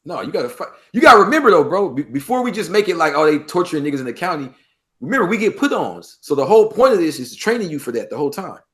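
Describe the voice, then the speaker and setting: La guy talking quick on a podcast, kinda high voice, acts out the street talk, swears a lot. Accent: Los Angeles. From Los Angeles. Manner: animated, acts out street dialogue, swears freely. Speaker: podcast guest. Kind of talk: casual interview talk.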